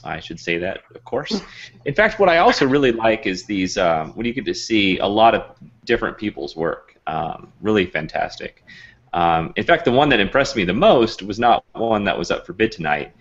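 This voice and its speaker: A man hosts an online show over a video call, rambling chattily with lots of fillers. His voice sits on the low side and is very animated at a moderate pace, though the recording is muffled.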